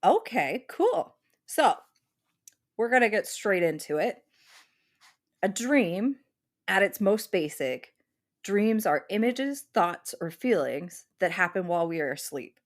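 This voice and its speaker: A woman's voice: mid-range voice, big pitch swings, slow pace, long pauses. A woman co-hosting a podcast, telling a long story in casual chat with lots of "like" fillers. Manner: rambling storyteller, many "like" fillers. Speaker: podcast co-host.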